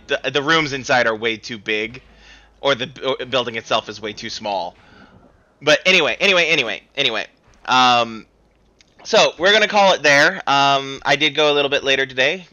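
A young man gives casual, rambling commentary while he plays a game, full of jokes and self-deprecating asides. His voice is very bright and forward, recorded close on a desk mic. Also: mid-range voice, highs cut off. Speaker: streamer playing a game. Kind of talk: casual let's-play commentary.

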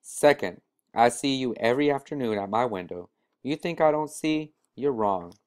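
A man's voice: medium pitch, animated, normal speed, clear, resonant tone, lightly acted. A man voicing a shrewd old male shoe-store owner in a story reading, speaking in a dry, knowing, matter-of-fact way.

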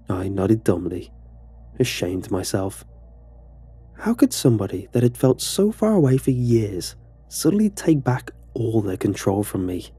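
A man narrating a scripted horror story in a measured, somber way. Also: fairly low pitch, very animated, mellow, husky, no echo, faint music behind.

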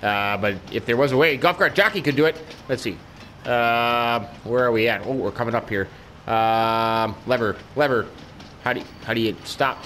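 A man giving chatty let's-play commentary, talking to his in-game horse and jumping up in pitch when excited. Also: unhurried, pauses often, slight background noise. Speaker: gaming YouTuber.

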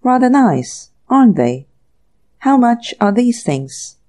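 A narrator doing a flustered young gentleman. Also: medium pitch, big pitch swings, pitched above the performer's own voice. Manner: hesitant, hurried. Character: awkward young man, easily flustered.

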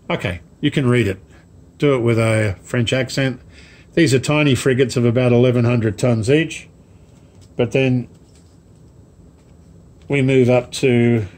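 A man casually showing off a parcel of model ships to camera, rambling slowly with many ums and asides. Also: medium pitch, a little mellow. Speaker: wargaming hobby vlogger. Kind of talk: casual unboxing chat to camera.

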